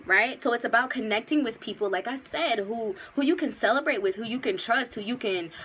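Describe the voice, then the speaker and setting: A woman with a medium-pitched, slightly bright voice gives her viewers a casual tarot reading, speaking to them directly in emphatic, slangy terms. At times she gets emotional and comes close to tears. The recording is low quality with a little background noise.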